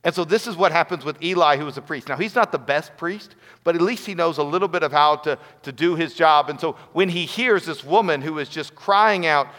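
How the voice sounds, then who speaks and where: A man's voice: on the high side, fairly quick, hardly any pauses, a bit bright. A man giving a sermon as a pastor, earnest and storytelling. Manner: earnest, storytelling with acted quotes. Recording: long hall reverb.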